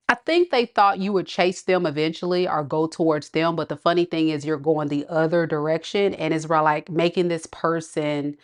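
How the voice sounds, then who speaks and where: A woman with a fairly low voice gives a casual tarot reading. She talks in a chatty, slangy way, laughs often, and speaks straight to her viewers. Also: normal speed, hardly any pauses. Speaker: tarot reader.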